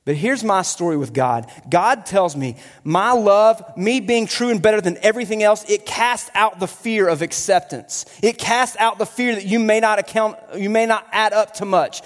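A man preaching a sermon as pastor, telling stories with playful humor and lively delivery. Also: high voice, moderate pace, hardly any pauses. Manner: animated storytelling with playful humor. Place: church hall. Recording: long hall reverb.

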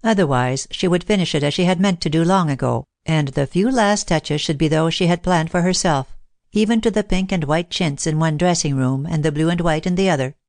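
Low-voiced woman reading an audiobook. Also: a little fast, darkish tone, no room sound. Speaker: audiobook narrator. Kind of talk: scripted narration.

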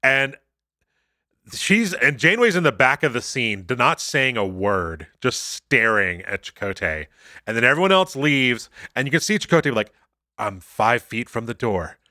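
A man's voice: medium pitch, no echo, clean studio sound. A man casually recapping a TV episode on a podcast, acting out characters' lines as he goes. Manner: animated, acts out characters' lines in quick retelling. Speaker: podcast co-host.

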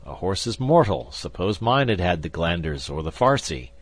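A low-pitched man gives a full character voice to Athos, the wry, indifferent older musketeer with a gambler's streak, for an audiobook reading. He drawls calmly and dryly at a moderate pace, captured in a dry recording.

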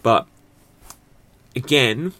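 A man's voice: medium pitch, extremely slow, sharp tone. A man giving a casual spoken lesson on acting and stagecraft, thinking aloud with many rhetorical questions and fillers. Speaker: acting and improv teacher.

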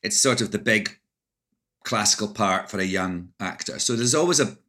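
A man's voice: lowish voice, expressive, normal speed, pushed and bright. A middle-aged Scottish man, an actor, reflecting in a casual interview with many restarts.

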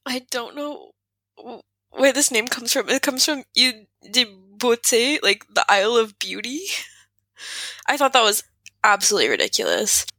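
A young woman in her twenties chats casually with a friend, her bright voice breaking into giggles between phrases. Her voice sits a little high and sounds close and dry, with almost no room around it. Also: sing-song, normal speed, dry recording. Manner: giggly, laughs often while talking. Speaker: podcast co-host. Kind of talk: casual chat.

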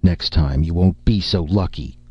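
A man's voice: low voice, measured pace, breathy edge, dry recording. A man voicing a proud young noble soldier who is injured, speaking strained and defiant. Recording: dull lo-fi recording.

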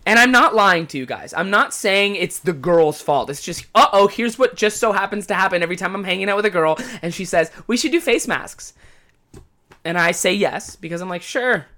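A man riffing alone on his podcast in an exasperated, swear-heavy comic rant. His voice is bright and cutting, and his pitch swings widely as he works himself up. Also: expressive, fairly quick, few pauses. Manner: profane, exasperated comic ranting. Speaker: podcast host. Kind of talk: casual podcast monologue.

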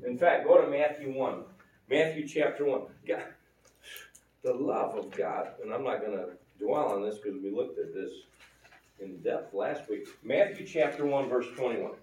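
A man's voice: medium pitch, moderate pace, a little mellow, a little hiss or hum. Man preaching in a roomy church. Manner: conversational preaching, asks the congregation questions. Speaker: pastor. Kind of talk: sermon. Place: church sanctuary. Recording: roomy church hall, mic at a distance.

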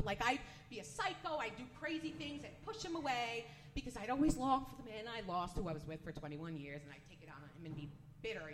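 A woman's voice: sits high, background noise. A woman in her forties doing a stand-up comedy set, chatty, nervous and self-deprecating. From Northeast US. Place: comedy venue with a live audience. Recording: echoey live room.

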